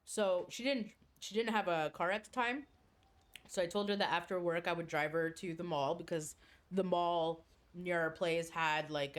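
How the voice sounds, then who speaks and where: A woman streaming a game, casually telling a long story with lots of swearing and laughter. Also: on the low side. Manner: animated, swears freely, laughs while telling. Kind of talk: casual storytelling during a livestream.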